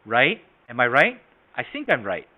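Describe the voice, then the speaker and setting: A man leading an online sales training session. He talks interactively, calling participants by name and asking "right?" and "okay?", and he shifts between a soft tone and a strong one to demonstrate his points. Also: medium pitch, huge pitch swings, normal speed. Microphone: video call. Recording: tinny phone-like online call audio.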